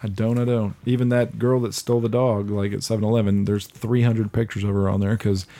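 Low-pitched man, casual podcast chat, crude jokes, trails off. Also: little pitch movement, fairly quick, dark tone. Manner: crude, joking, trails off mid-sentence. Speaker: podcast co-host.

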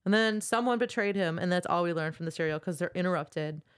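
A woman co-hosting a book podcast, chatting through a plot recap. Her voice sits a little low, recorded dry and close with no room sound. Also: fast talker, clear, resonant tone, dry recording. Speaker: podcast co-host. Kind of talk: casual book-club chat.

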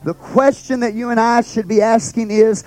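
A man's voice: very high voice, fairly even intonation, normal speed, a little mellow, poor audio. A middle-aged male pastor teaching a Bible study, emphatic and repetitive, often checking in with rhetorical questions.

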